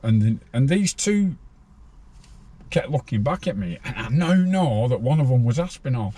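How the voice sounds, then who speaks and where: An older man tells his prison stories bluntly, swearing freely and laughing along. His voice is mellow and dark, and his pitch sits in an ordinary middle range. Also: very animated, measured pace. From Farnworth, northern England. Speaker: guest, former prisoner. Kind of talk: casual storytelling interview.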